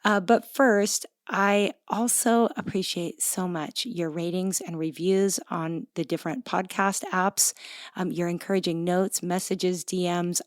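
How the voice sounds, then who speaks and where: A middle-aged woman hosting a podcast in casual, upbeat chat, talking with a smile and warm affection for her listeners. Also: mid-range voice, no echo, studio quality. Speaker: podcast host.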